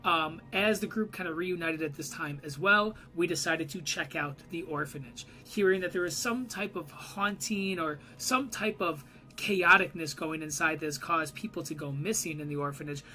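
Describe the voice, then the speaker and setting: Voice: mid-range voice, sharp tone, low-quality recording. A game master narrating a tabletop role-play game in a loose, rambling way with many fillers.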